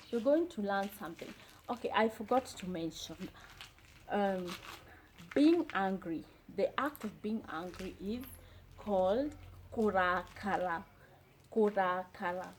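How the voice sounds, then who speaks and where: A woman from Kenya teaching a slow beginner language lesson, repeating each phrase carefully. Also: medium pitch, slight background noise, low-quality recording. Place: indoors during heavy rain. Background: rain.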